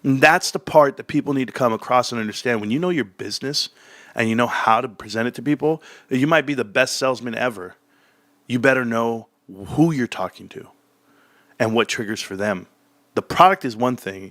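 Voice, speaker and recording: A man hosting casual commentary, talking energetically and acting out sales pitches in quoted voices. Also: moderate pace, fairly bright tone, no room sound. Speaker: stock commentary host.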